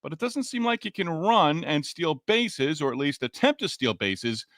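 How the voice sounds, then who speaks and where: A man's voice: a little high, moderate pace, no room sound. Guy doing a solo sports podcast, talks right at you, punchy and emphatic, dry close sound. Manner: energetic, emphatic, talks straight to listeners. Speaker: podcast host.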